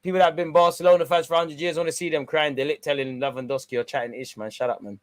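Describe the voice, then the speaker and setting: Casual young man, streaming a football watch-along, slangy and jumpy, higher-pitched voice. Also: racing. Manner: casual slangy banter, swings between excited and mumbled.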